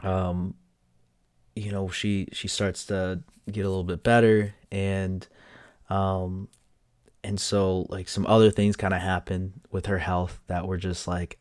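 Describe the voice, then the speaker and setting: A young man tells a personal story in a halting, emotional way, with many fillers and drops to a near-whisper. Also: low voice, little pitch movement, darkish tone, no room sound, studio quality. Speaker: vlogger.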